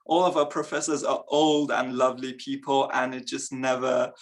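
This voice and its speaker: A man's voice: medium pitch, fairly even intonation, normal speed. A young man performing a stand-up comedy set, chatty and self-mocking, laughing between his lines. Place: live comedy event on stage.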